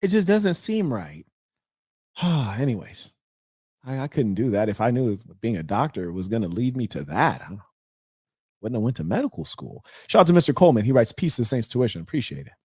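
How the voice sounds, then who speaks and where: A middle-aged man hosting a relationship advice livestream, talking candidly and telling stories with loud, animated outbursts. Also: medium pitch, normal speed, pauses often, breathy edge, no room sound, clean studio sound. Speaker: host of a relationship advice show. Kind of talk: casual livestream talk reading viewer messages.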